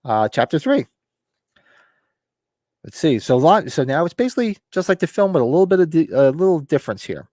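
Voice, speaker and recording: A man's voice: a little high, big pitch swings, a little fast, long pauses, a little mellow, dry recording, clean studio sound. Rambling man recapping a novel. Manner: rambling, loose retelling with fillers and acted quotes. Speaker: podcast host. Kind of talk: casual book club recap.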